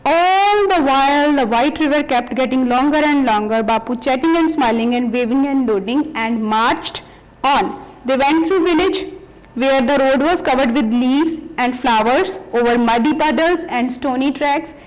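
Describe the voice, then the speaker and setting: A woman's voice: high-pitched, normal speed, poor audio. A woman teacher reads a textbook story aloud and explains each sentence in simpler words. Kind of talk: reading and explaining a textbook chapter.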